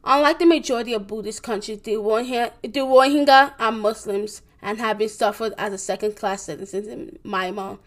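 A young woman giving a presentation, reading from her notes haltingly, with many restarts, corrections and fillers. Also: fairly high pitch, steady tone. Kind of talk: reading a school presentation on world events.

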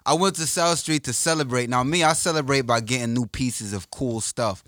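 A man in casual podcast chat, spinning a slangy, joking story at an ordinary pitch. His voice sits close and dry, with no room around it. He talks like someone who has told the story to friends before. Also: moderate pace, fairly bright tone, no echo. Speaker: podcast guest, poet.

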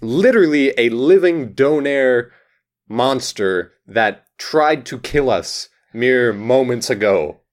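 Animated man playing a tabletop game. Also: mid-range voice, takes it slowly. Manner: animated, laughing, swings from mumbling to excited. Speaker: player. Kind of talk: tabletop role-play chat.

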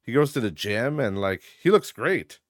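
Male solo podcast host, casual rant, sarcastic and profane, mid-pitched, dry close sound. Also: expressive, moderate pace, no echo. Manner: profane and sarcastic, laughing at his own jokes; gets loud and high when ranting.

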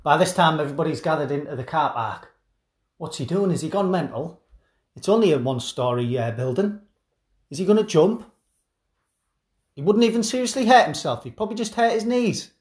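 An excitable man rambling through an improvised comic story with self-mocking asides. His voice sits high and rings in a roomy, echoing space. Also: brisk, pauses often. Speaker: comedy podcast host.

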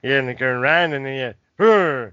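A man's voice: mid-range voice, a little fast, a bit bright, dry recording, highs cut off. A man, co-hosting a podcast and rambling through a funny anecdote, laughing and swearing often. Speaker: podcast co-host. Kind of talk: casual chat.

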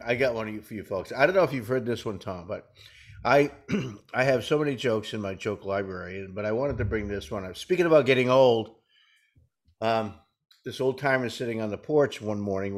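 Guy cracking folksy jokes, laughs at his own stuff, regular middle voice. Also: mid-range voice. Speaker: co-host. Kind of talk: joke-telling banter.

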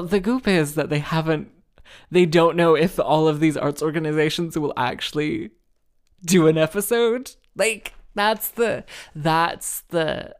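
Low-voiced sarcastic woman podcaster. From Wales. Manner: sarcastic, rambling, with frequent restarts and laughs. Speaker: podcast host. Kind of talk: casual chat.

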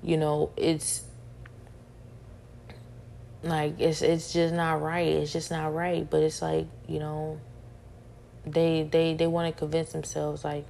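Low gravelly woman venting. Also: monotone, slow, long pauses, warm tone, a little hiss or hum. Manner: repetitive, frustrated, restating each point several times. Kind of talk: venting monologue.

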